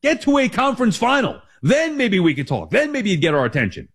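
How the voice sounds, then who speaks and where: A man's voice: sits high, huge pitch swings, fairly quick, fairly bright tone, husky. A man in his forties hosting a sports talk show, rambling and emphatic as he corrects himself. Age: 40s.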